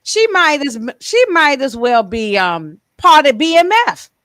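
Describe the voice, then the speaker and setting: High-voiced rambling woman co-host. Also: sing-song, unhurried, a bit bright, no echo, clean studio sound. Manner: rambling, lots of fillers and restarts. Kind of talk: casual podcast chat.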